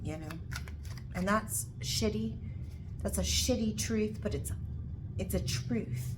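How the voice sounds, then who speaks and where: A woman's voice: medium pitch, slow pace, noisy background. A woman giving a casual tarot reading to camera, blunt and repetitive, swearing freely as she talks. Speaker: tarot reader.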